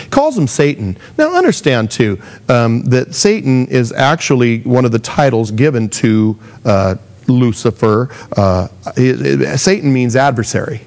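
A man's voice: mid-range voice, animated, a little slow, darkish tone. A man preaching a sermon in a casual, conversational way, acting out the voices of the people he quotes. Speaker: pastor.

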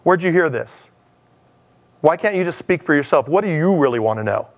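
A man voicing Jesus as a grown man who gently challenges with plain, coaxing questions. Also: on the high side, animated, fairly quick.

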